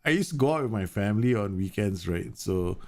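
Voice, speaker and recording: A man in his thirties hosts a live game stream in a low, gravelly voice. He talks in a loose, rambling, animated way, jumping between the game and stories from home. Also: fairly quick. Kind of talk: casual live-stream chat.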